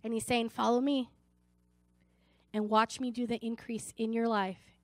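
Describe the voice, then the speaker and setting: Woman pastor, sermon; earnest, storytelling delivery, slightly high pitch, dry close sound. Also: level tone, measured pace, no echo. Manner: earnest, personal storytelling with many restarts. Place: church service.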